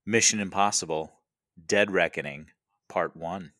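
A man's voice: low voice, measured pace, bright, forceful tone, dry recording, clean studio sound. A man co-hosting a casual movie podcast, upbeat and joking in easy banter. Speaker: podcast co-host.

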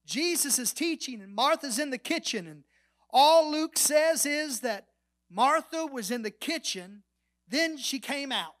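This pastor's voice is very high and expressive, and he delivers his sermon a little slowly. He moves dramatically between loud and soft as he tells the story, trailing into a near whisper at phrase endings to stress his points.

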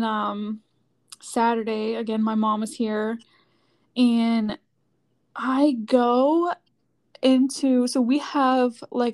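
A woman's voice: on the high side, darkish tone. A woman chatting casually, telling a story with lots of "like" fillers. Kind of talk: casual chat.

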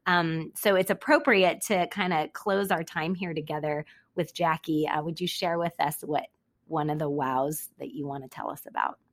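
A woman hosting a conversation, reflective and halting as she gathers her thoughts before handing over to her guest. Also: deep voice, steady tone. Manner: reflective, halting, then teasing. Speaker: host. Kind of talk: conversational interviewing.

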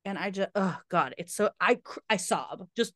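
A woman's voice: mid-range voice, expressive, normal speed, fairly bright tone, no echo, clean studio sound. A woman co-hosting a podcast, talking in a rambling, emphatic way with many fillers. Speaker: podcast co-host. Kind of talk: casual chat.

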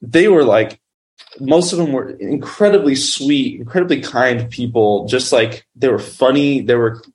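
A man's voice: medium pitch, unhurried, darkish tone. Man, documentary filmmaker, casual storytelling, rambling, lots of fillers. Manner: rambling, filler-heavy with constant "like".

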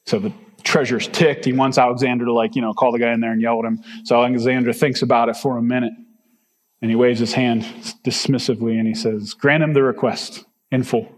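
A man's voice: medium pitch, flat delivery, fast. A male pastor giving a conversational, emphatic sermon full of rhetorical questions. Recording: reverberant hall.

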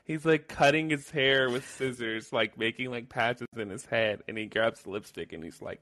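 A man's voice: mid-range voice, animated, moderate pace, hardly any pauses, a bit bright, no room sound, studio quality. A man co-hosting a podcast, chatting casually and laughing often as he recaps scenes. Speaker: podcast co-host. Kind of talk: casual chat.

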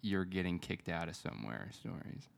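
A podcast guest asking hesitant questions full of fillers in casual chat. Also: male voice, sits low, lively intonation, normal speed, gravelly, dry recording.

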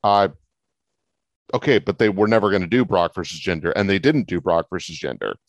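A man co-hosts a casual wrestling podcast, arguing his opinions emphatically and quickly, his pitch swinging in a lively way. The recording is dry and lo-fi.

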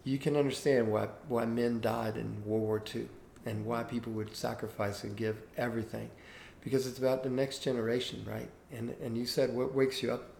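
An earnest man in his sixties tells his life story as a guest in an interview. His voice is mid-pitched and gravelly. The room is echoey, with a faint hiss behind him. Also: normal speed, hardly any pauses. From Cuba. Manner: earnest, animated anecdote telling. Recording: roomy echo with faint background hiss.

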